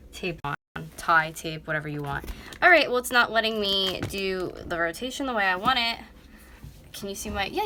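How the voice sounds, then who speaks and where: On a casual live stream filmed with a phone propped up near her, a North American woman in her twenties, a beauty vlogger, talks through a nail tutorial at her bedroom vanity, rambling and swearing bluntly. Her medium-pitched voice sounds pushed and bright, with slight noise in the warm bedroom.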